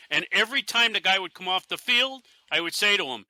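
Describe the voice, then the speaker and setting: A middle-aged man from Northeastern Pennsylvania, a podcast guest who tells stories in a casual, animated way and acts out quotes. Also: high voice, fast talker, hardly any pauses, no room sound. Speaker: podcast guest, airsoft team leader.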